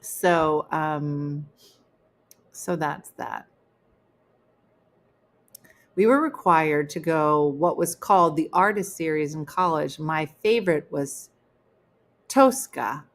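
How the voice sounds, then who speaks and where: A middle-aged woman with a slightly low voice, hosting a casual live show. She rambles through funny stories, chats with viewers and laughs at herself. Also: slow, long pauses. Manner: chatty, rambling, laughs at her own stories. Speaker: host of a live chat show. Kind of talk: casual storytelling chat with viewers.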